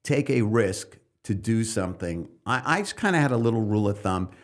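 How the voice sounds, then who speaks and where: A middle-aged man from New York City, a stand-up comedian and coach, talking loosely as a podcast guest and breaking into loud comic bits mid-thought. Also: fairly low pitch, expressive, a little fast. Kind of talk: loose conversational interview talk.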